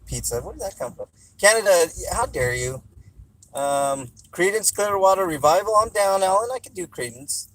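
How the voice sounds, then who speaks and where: A man's voice: high-pitched, animated, normal speed, a bit bright, low-quality recording. A man hosting a casual livestream, joking around and reading viewer comments aloud while chewing gum. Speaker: livestream host.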